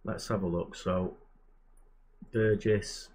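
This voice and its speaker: A man's voice: sits low, steady tone, slow pace, a little mellow, slightly rough. A man giving casual, chatty commentary while playing a management game, muttering asides to himself. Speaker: gamer and channel host.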